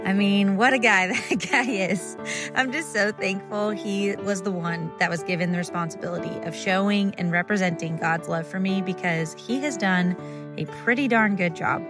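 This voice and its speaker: A young adult woman hosting a podcast, chatting in a warm, agreeable way. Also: mid-range voice, moderate pace, music in the background. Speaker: podcast host. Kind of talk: casual chat.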